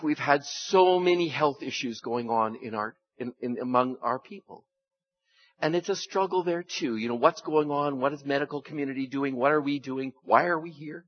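A man with a higher-pitched voice preaches a conversational sermon at a moderate pace. As a pastor he's folksy and keeps asking the congregation rhetorical questions, all in dull lo-fi sound.

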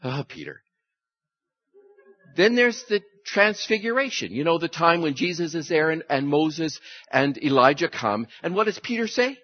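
A man preaches an Easter sermon, acting out the people in his stories with sudden pitch jumps. His voice is slightly husky and lively in pitch. The recording is dry and muffled. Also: moderate pace. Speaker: pastor.

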